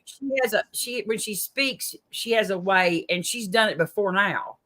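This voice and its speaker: A co-host in casual political chat with a bright, sharp voice. The speech is hesitant, full of fillers and restarts, and laughs come in between remarks. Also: mid-range voice, moderate pace.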